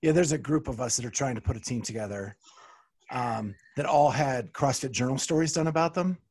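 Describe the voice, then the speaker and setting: A man hosting a podcast interview, easygoing and a bit halting as he sorts out his questions. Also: mid-range voice, a little mellow, slightly rough. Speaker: podcast host.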